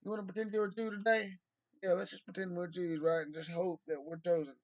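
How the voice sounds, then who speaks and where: A man's voice: high voice, little pitch movement, fast, no echo. A man talking in a casual, rambling monologue, drawling and swearing freely. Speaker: vlogger.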